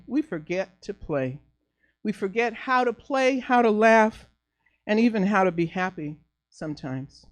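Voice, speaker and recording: A middle-aged woman minister giving a playful sermon, slow and deliberate, laughing easily as she leads the group. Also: medium pitch, no room sound. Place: church sanctuary. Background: faint piano.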